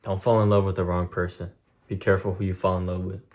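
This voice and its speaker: Young man, lowish voice, blunt and profane, venting to stream chat, intense casual monologue. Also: little pitch movement, fast talker, a little mellow.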